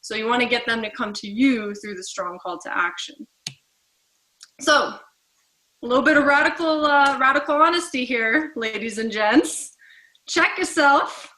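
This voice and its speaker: A woman giving a casual team training talk, chatty and lively, acting out little dialogues. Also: fairly high pitch, moderate pace, low-quality recording.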